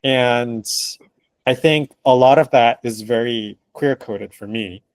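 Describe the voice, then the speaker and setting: Animated, emphatic male translator. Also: medium pitch, takes it slowly, dry recording. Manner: animated and emphatic, laughing, acting out quoted remarks. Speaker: translator, guest. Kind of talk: conversational interview answers.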